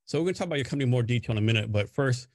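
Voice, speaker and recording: Male podcast host, rapid casual questions, dry close sound. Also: mid-range voice, expressive, dry recording. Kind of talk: conversational interview.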